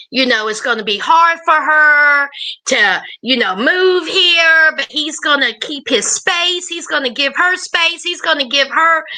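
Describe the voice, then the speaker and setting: A woman recaps a reality show in a casual, sassy way. Her very high voice is bright and sharp, and she talks slowly, drawing out her words. She scolds the people on screen as if they could hear her. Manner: sassy, animated, addresses people on screen directly.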